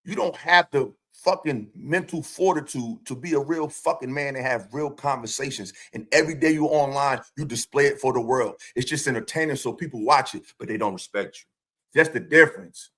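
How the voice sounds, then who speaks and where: Speaking at a moderate pace with medium pitch and a fairly bright tone, this man hosts his own stream. He delivers a confrontational, profane rant loaded with mocking rhetorical questions.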